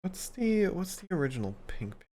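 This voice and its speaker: A man's voice: high voice, big pitch swings, brisk, a little mellow. A man hosting a podcast, chatting casually, swearing now and then, and reading out listener questions. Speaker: podcast host. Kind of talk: casual chat.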